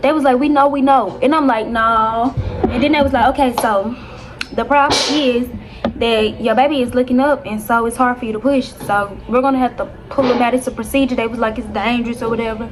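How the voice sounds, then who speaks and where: Animated young woman telling a storytime. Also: on the high side, brisk, background noise. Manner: animated, dramatic retelling with constant "y'all". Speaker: vlogger. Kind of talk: casual storytime to viewers.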